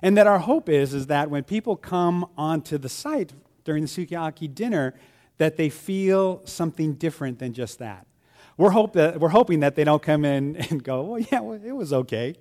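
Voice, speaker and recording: A man's voice: lively intonation, moderate pace, a little mellow. A man who leads a church, talking casually to his congregation and telling little stories with quoted voices. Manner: chatty storyteller, acts out quoted voices with a high pitch. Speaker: church leader. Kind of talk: informal church announcement talk.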